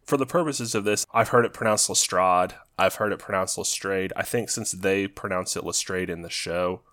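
A man's voice: low voice, a little fast, a bit bright, dry recording, studio quality. A man hosting a podcast, chatting casually, laughing often and reading out an episode synopsis. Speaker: podcast host. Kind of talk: casual chat with read synopsis.

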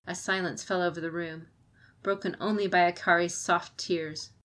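Woman narrator, audiobook reading, steady storytelling pace, scripted narration. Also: lowish voice, moderate pace.

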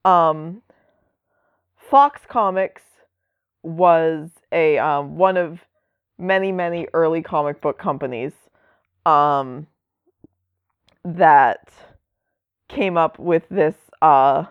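A woman's voice: sits low, extremely slow, long pauses, clear, resonant tone, no room sound. A woman co-hosting a podcast, explaining things in a chatty way with many asides. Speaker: podcast co-host. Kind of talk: casual chat. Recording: dull lo-fi sound.

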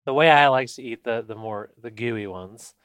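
A man's voice: medium pitch, normal speed, a bit bright, clear, resonant tone, no room sound. A man co-hosting a casual podcast chat, prone to giggles and crude jokes, often restarting his sentences. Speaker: podcast co-host.

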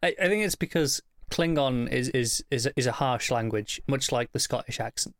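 A man's voice: medium pitch, moderate pace, dry recording. A man co-hosting a casual chat about a TV episode, making dry joking asides, often stammering on restarts. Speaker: podcast co-host.

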